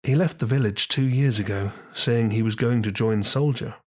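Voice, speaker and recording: A man voicing a gentle, anxious young village girl in a soft, hesitant tone pitched up from his own voice. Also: normal speed, lightly acted.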